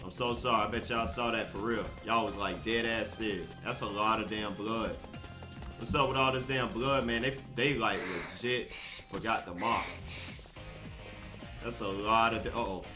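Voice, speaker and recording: A man giving casual gameplay commentary, loud, profane and excitable, joking with his viewers. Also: fairly low pitch, normal speed. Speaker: gaming streamer. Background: game music.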